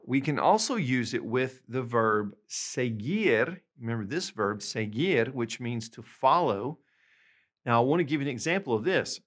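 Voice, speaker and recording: A man teaching a language lesson, patiently explaining examples and slowing down to say the phrases clearly. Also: medium pitch, a bit bright. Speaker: language tutor.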